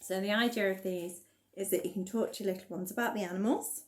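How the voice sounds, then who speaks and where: A woman leading a baby rhyme and story session as a children's librarian, gently encouraging parents to join in. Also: medium pitch, fairly even intonation, fast.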